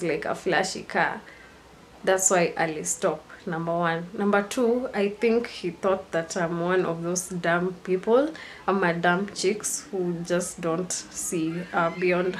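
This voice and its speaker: A woman's voice: lowish voice, slow pace, slight background noise. A young woman, chatting casually in a rambling storytime vlog. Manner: chatty and rambling, mixing in Swahili slang. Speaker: vlogger.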